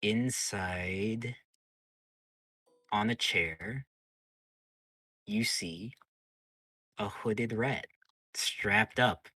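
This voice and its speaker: A man narrating as game master of a tabletop game in a halting, filler-heavy way. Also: fairly low pitch, pushed and bright, dry recording.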